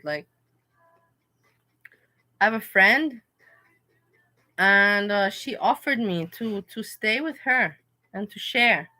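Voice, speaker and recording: Bright-voiced woman chatting on a livestream. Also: medium pitch, takes it slowly, pauses often, poor audio. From Europe. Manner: animated, talks back to chat commenters. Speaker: livestream host reading chat. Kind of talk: casual livestream chat. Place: hotel room.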